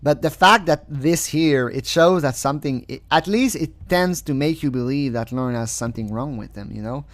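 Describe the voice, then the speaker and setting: A man's voice: medium pitch, moderate pace, few pauses, no room sound. Sarcastic non-native English-speaking man. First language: not English. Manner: sarcastic, mocking, laughs often. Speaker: commentator. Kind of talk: casual commentary.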